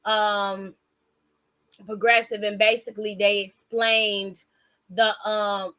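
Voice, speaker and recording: A woman giving a casual, chatty recap of a wrestling show, animated and swearing freely, with quick asides that interrupt her own story. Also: mid-range voice.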